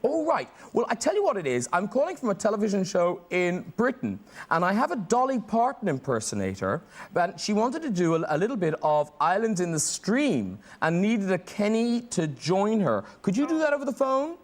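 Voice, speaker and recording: A man's voice: high-pitched, very animated, normal speed. A middle-aged man hosting a chat show, teasing and laughing often as he talks. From Ireland. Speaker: talk show host. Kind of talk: playful chat show banter. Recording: studio audience and noise.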